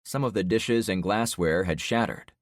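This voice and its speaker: A man reading a thriller audiobook in scripted first-person narration, tense and measured. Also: fairly low pitch, dry recording, studio quality.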